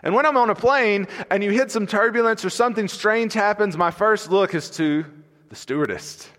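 A man's voice: sits high, moderate pace, a bit bright. A male pastor preaching an expository sermon in a conversational, storytelling way with acted asides, recorded in a church sanctuary. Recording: long reverb in a large hall.

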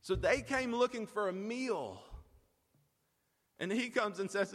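Pastor guy preaching, high voice, emphatic, lots of hall echo. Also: fairly bright tone. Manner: earnest, emphatic preaching with drawn-out pauses. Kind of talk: sermon. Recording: long hall reverb.

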